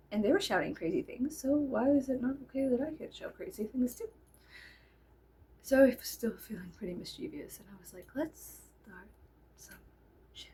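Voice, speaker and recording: A woman telling a story in a casual way, animated and breaking into loud laughing shouts. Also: on the high side, creaky, slightly rough.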